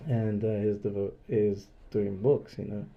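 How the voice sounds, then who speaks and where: A man with a fairly low, gravelly voice speaks a little slowly with fairly even intonation, and the recording is muffled. He leads an informal devotional class inside a private house, rambling through stories full of "like" fillers and acting out dialogue.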